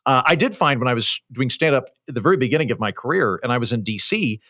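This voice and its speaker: Comedian guest, man in his 30s, faint Oklahoma lilt, crisp announcer-like delivery, bright tone. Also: mid-range voice, expressive, fast talker. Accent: light Oklahoma American. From Oklahoma, USA. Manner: formal, authoritative radio-style diction, wry storytelling. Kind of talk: casual chat.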